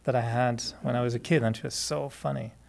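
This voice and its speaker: Gravelly French Canadian man giving a talk. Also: medium pitch, steady tone, fast, darkish tone. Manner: chatty, laughs often, many restarts and fillers. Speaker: meditation teacher. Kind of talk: relaxed spoken talk to a group.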